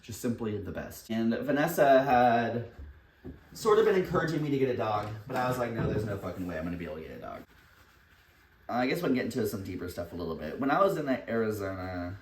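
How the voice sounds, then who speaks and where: In an echoey home kitchen, picked up by a distant mic, a young man bakes and vlogs indoors, rambling candidly with frequent laughs and casual swearing. His voice sits on the low side, with slight background noise.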